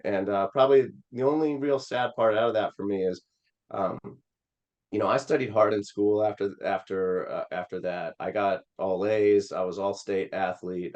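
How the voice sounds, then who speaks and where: The recording is muffled, carrying a low, slightly mellow male voice. He's a Senate candidate from Missouri on a podcast, telling a personal story in an earnest, rambling interview style heavy with fillers.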